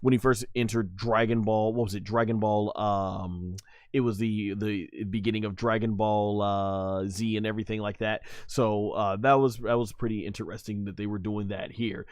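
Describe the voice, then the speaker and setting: A man recapping and reviewing an anime episode in a casual, animated way, laughing often and full of fillers and restarts. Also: fairly low pitch, normal speed, clean tone, no echo, studio quality.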